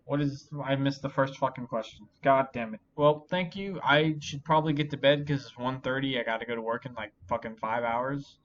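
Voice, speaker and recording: A man's voice: mid-range voice, fairly quick, hardly any pauses, a bit bright, slight background noise. A drunk man hosting a solo vlog, rambling and swearing constantly, frustrated and self-pitying. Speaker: channel host. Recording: dull lo-fi recording.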